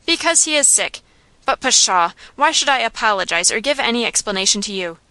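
A woman voicing a proud, uneasy young gentleman who speaks in a haughty, curt way. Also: on the high side, lively intonation, fairly quick, clear, resonant tone, dry recording.

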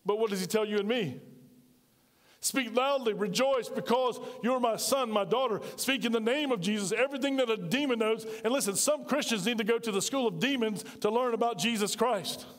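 A pastor delivers an emphatic sermon, pressing his listeners with one rhetorical question after another. His voice sits high for a man and runs a little fast, ringing out with the long reverb of a church hall.

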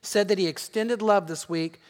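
A man preaching a sermon as a pastor, emphatic and animated, often asking the congregation questions. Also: high voice, moderate pace, big-room sound. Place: large church.

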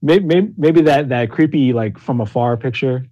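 A man's voice: mid-range voice, normal speed, mellow, dull audio. A man hosting a podcast in casual chat, laid-back, chuckling and using many fillers. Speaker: podcast host.

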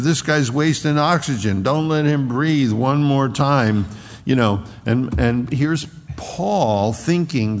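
Slow gravelly preacher in a reverberant hall. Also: male voice, medium pitch. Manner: animated, acts out Paul's pleas in a raised voice. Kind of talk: expository sermon.

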